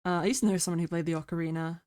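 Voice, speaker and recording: A sick woman streamer chatting quietly and mumbling close to her microphone. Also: lowish voice, fairly even intonation, very fast, no room sound. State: sick, rough throat. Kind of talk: casual stream chat. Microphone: very close to mic.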